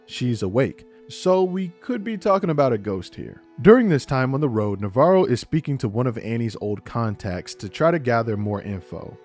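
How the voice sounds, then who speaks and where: A man's voice: medium pitch, sing-song, moderate pace, hardly any pauses, darkish tone, faint music behind. A young adult man giving a casual, joking recap and review of a TV episode, with some swearing.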